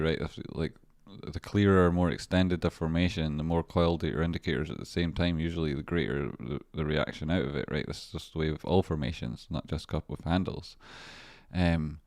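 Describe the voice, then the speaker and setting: A man's voice: deep voice, a little mellow, no room sound, studio quality. A man hosting a trading livestream, talking casually through charts in a rambling, profane way with chatty asides to viewers. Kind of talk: casual live-stream chart commentary.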